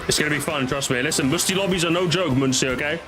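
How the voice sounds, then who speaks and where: Streaming a racing game, this young man speaks quickly in a voice on the high side, chatting with viewers, swearing excitedly, and firing off repeated bursts. Game music runs underneath.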